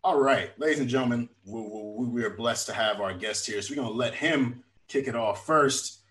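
A man's voice: mid-range voice, normal speed, fairly bright tone, faint music behind, low-quality recording. Male podcast host, casual and upbeat, laughs a lot, mid-range voice, hypes the guests. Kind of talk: casual chat.

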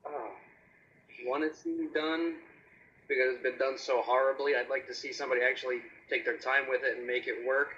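A man joining a casual chat, laid-back and measured. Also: mid-range voice, level tone, bright, forceful tone, muffled recording.

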